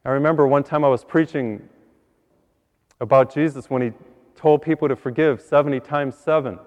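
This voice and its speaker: A priest giving an earnest sermon, repeating words and building to higher emphasis on key points. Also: male voice, moderate pace, in a large hall, highs cut off. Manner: earnest, repeats words, rises in pitch when stressing a point.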